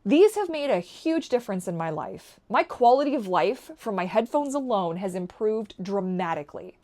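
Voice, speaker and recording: A young woman from Canada talking candidly to camera in a rambling vlog, swinging from quiet asides to loud ranting and swearing. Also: medium pitch, sing-song, normal speed. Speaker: vlogger.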